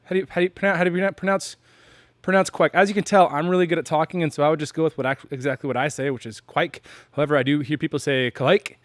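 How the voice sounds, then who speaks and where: A man's voice: on the high side, fairly even intonation, racing, no echo. A man from the United States hosting a homebrewing channel, explaining casually and rambling with many fillers and self-deprecating asides.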